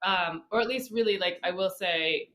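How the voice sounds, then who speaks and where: A woman's voice: lowish voice, moderate pace, fairly bright tone. Playful female breathwork guest. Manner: playful, jokey, laughs often. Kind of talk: casual podcast interview.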